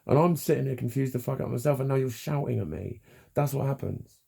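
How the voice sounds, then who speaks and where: A man giving a frank, halting personal monologue, swearing freely and restarting his sentences. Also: medium pitch, vocal fry, mellow, breathy edge. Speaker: vlogger.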